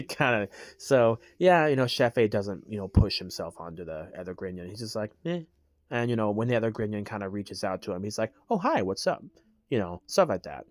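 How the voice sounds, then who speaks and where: A man's voice: fairly low pitch, fairly quick, hardly any pauses, no room sound. A man casually explaining his characters' story, hesitant and full of restarts. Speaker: creator telling his character lore.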